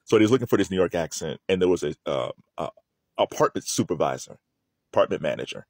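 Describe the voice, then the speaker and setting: A man's voice: sits low, quick pace, no room sound, studio quality. A man hosting a video, talking casually and laughing often as he chats to the camera. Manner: animated, laughs often, loose and chatty. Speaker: video host.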